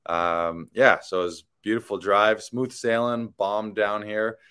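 Canadian guy w/ a lowish voice, chatty podcast host, rambles with lots of ums and uhs. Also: fairly even intonation, a little slow, pushed and bright, smooth. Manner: rambling storyteller, many fillers. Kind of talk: casual chat.

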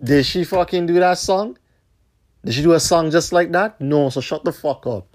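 A man's voice: on the high side, moderate pace. A man hosting his own show, ranting in a heated, profane way and firing scornful rhetorical questions. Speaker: host. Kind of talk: solo rant podcast.

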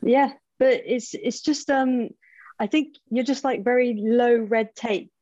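A woman's voice: on the high side, slow pace, mellow, no room sound. A young woman hosts a casual podcast chat, talking in a chatty way with plenty of "like" fillers. Her voice sounds dull and muffled. It is very dry, with no room behind it. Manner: chatty, lots of "like", laughs along. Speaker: podcast host.

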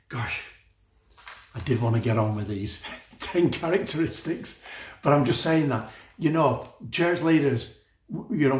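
Man, passionate sermon, laughs often, reverberant hall sound. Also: mid-range voice. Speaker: preacher.

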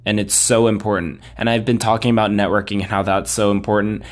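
A man's voice: lowish voice, little pitch movement, fast talker. A man hosting a solo podcast, talking in a rambling, blunt, conversational way. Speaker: podcast host.

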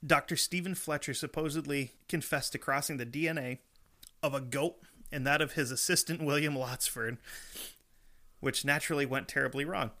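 Bright-voiced man swearing through spooky legends. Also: a little high, normal speed. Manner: crude, teasing, laughs often. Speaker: podcast co-host. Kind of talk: casual comedic chat, reading legends.

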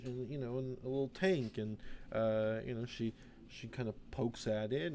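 A man's voice: lowish voice, a little mellow, a little hiss or hum. A man casually telling a made-up film plot for laughs, rambling with lots of fillers and acting out the characters' lines. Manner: rambling, many fillers, acts out quoted lines.

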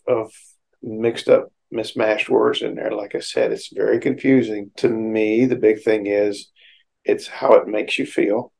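Middle-aged male therapist, conversational, heavy gravel in a lowish voice. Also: a little mellow, poor audio. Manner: conversational, explains through everyday examples. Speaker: psychotherapist. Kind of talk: informal educational talk.

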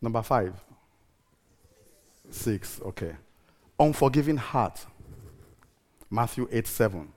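A man's voice: medium pitch, lively intonation, slow pace, pauses often. Male preacher in his fifties, church sermon, repetitive call-and-response delivery. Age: 50s. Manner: call-and-response, loud rising emphasis, repeats phrases.

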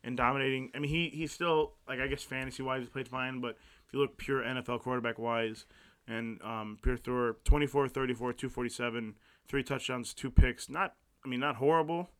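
A man's voice: medium pitch, steady tone, a little fast, fairly bright tone, clean tone. A man co-hosting a casual sports podcast, leading the game recaps and reciting stats. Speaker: podcast co-host.

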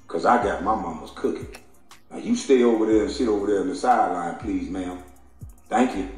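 This commentator's voice is on the low side and a little mellow as he rants profanely and heatedly. He jeers at his targets and laughs between insults, recorded in a very reverberant room with faint music.

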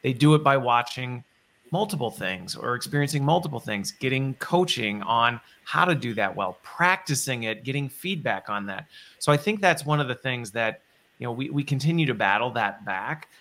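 A man with a bright, forward voice hosts a relaxed conversation. He thinks aloud as he goes, circling back and rephrasing his points before landing them. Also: medium pitch, moderate pace. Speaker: podcast host. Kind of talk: conversational interview.

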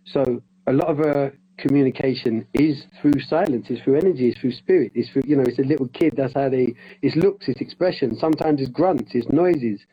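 A man's voice: medium pitch, brisk, hardly any pauses, slightly rough, lo-fi sound. A man and life coach in training, talking in a casual conversation, rambling with frequent restarts.

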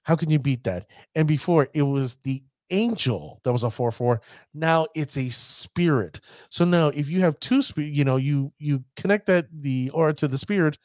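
A man hosting a podcast with a somewhat high voice, hyping things up like a showman and stretching words for emphasis. The sound is dry and close, with no room in it. He keeps a loose, chatty manner between the big announcements. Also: expressive, a little mellow, no echo. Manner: showman-like hype, drawn-out emphasis. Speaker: podcast host. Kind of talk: casual podcast chat.

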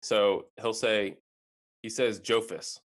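Male co-host, 30s, laid-back conversational dad, mid pitch. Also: quick pace. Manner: relaxed dad trading kid stories, trailing "like" fillers. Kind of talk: casual chat.

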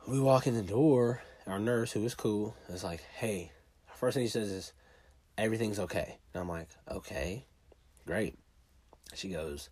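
A man telling a personal story in a blunt, profane, fast-talking way. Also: fairly low pitch, a little mellow, breathy edge, no room sound.

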